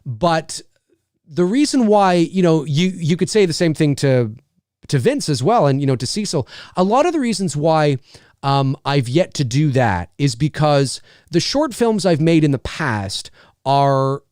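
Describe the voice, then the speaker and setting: A man's voice: a little high, sing-song, a little slow, a little mellow, dry recording, clean studio sound. A man in his thirties hosting a casual livestream, rambling and laughing as he answers viewer questions. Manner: rambling, laughs often, restarts lines. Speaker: livestream host. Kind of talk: casual live chat.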